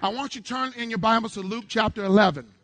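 A middle-aged male pastor preaching a sermon to his congregation in church, with call-and-response that swells into shouts. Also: high voice, quick pace, dry recording.

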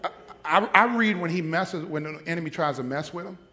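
A man preaching a sermon as pastor, dramatic, swinging from hushed asides to shouts. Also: fairly high pitch, brisk, in a large hall.

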